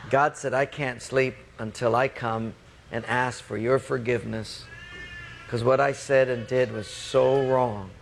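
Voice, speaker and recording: Brief: halting, apologetic young guy quoted by a male preacher in a sermon story. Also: medium pitch, fairly even intonation, gravelly, big-room sound, slight background noise. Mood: pleading. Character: young male college roommate, sheepish and apologetic.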